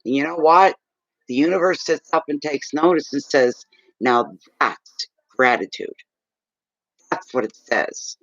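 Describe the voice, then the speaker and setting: A fairly high-voiced man reads tarot live, talking earnestly and reassuringly to his client. He gets emotional and teary as he goes. The sound is dull and lo-fi, and the room is dry and close. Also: moderate pace, a bit bright, no room sound. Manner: emotional, tearing up. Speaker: tarot card reader. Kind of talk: live tarot reading stream.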